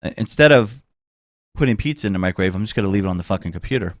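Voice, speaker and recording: A man's voice: fairly low pitch, lively intonation, very fast, no echo, clean studio sound. A man hosting a casual podcast, rambling and cursing freely as he tells stories. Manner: rambling, swears freely, does mocking voices. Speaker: podcast host.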